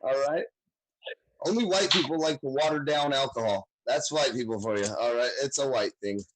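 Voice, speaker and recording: A man's voice: mid-range voice, normal speed, background noise. A man hosting a comedy show over a video call, joking and hyping up the crowd with profane banter. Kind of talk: emcee banter and introductions.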